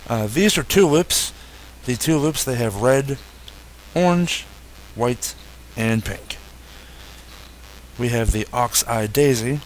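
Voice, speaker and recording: A man's voice: medium pitch, slow, long pauses, a little hiss or hum. A young man casually walking through a game update, talking easily with frequent fillers and self-corrections. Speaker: gaming YouTuber.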